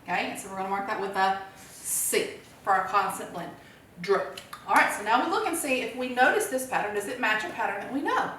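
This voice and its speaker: A woman's voice: mid-range voice, animated, fast talker, sharp tone, distant mic, slight background noise. A woman teaching a phonics lesson to young children, cheerful and encouraging, asking questions and answering them herself. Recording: very echoey room, voice from off-mic.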